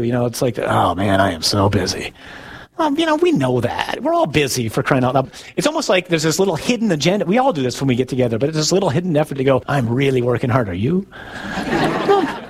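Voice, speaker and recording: A man delivers a sermon as a priest. His voice sits a touch high, and he keeps it loose and conversational, asking the congregation questions and laughing at his own stories. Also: husky. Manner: conversational, asks the congregation questions, tells jokes.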